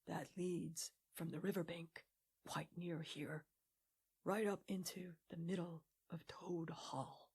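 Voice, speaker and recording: A woman doing a stern, hushed old badger. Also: fairly low pitch, breathy edge, exaggerated voice. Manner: severe, measured, hushed.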